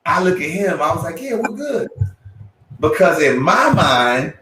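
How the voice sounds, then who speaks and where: A man co-hosting a podcast, telling a story with lively acted-out quotes and sudden jumps in pitch. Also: a little slow, far from the mic, a little hiss or hum. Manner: excitable, acts out quotes with big pitch jumps. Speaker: podcast co-host. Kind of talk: animated storytelling. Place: room at a live podcast show. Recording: roomy, from off the mic.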